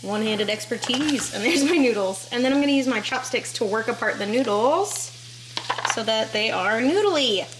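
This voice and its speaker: A woman's voice: fairly high pitch, expressive, moderate pace, background noise. A woman food vlogger, bubbly and enthusiastic, giving a casual review of a dish at home in her kitchen.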